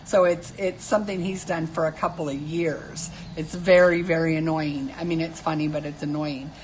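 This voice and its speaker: Woman, 50s, live stream host. Casual, chatty, self-deprecating, lower pitch. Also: steady tone, normal speed, darkish tone, slight background noise, low-quality recording. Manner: chatty, self-mocking, laughs often. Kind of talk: casual chat while drawing.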